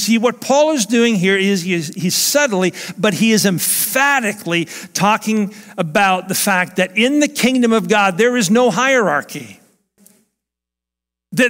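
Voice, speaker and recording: A man's voice: high-pitched, a bit bright, big-room sound. A man preaching a sermon as pastor, earnest and emphatic, repeating his key phrases.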